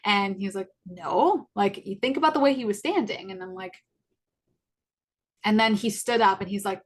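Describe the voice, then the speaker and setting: A woman in her twenties, a podcast co-host, telling a personal story in a casual, halting way, full of fillers and self-corrections. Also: medium pitch. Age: 20s.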